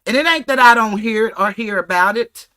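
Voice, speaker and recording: A woman's voice: fairly high pitch, normal speed, pushed and bright. A woman, hosting a livestream and ranting angrily with heavy profanity. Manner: angry, profane, confrontational. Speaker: livestream host.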